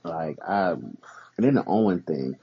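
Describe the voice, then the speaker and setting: A man co-hosting a podcast in casual chat, blunt and animated. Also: low-pitched, unhurried, gravelly, slightly rough. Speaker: podcast co-host. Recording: dull lo-fi audio.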